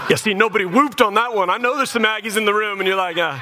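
A middle-aged man, preaching to a congregation in an animated, joking storytelling style and acting out conversations. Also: high voice, fast, hardly any pauses, noisy background. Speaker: pastor. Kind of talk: humorous sermon storytelling. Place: church before a live audience.

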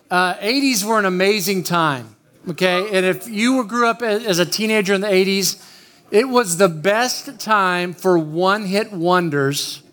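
A man preaches in a light, high voice. He opens with a casual, joking personal story and keeps talking straight to the people in front of him. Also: a bit bright. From Oklahoma, USA. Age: 50s. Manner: chatty, joking, talks straight to the room. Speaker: pastor. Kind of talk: storytelling sermon.

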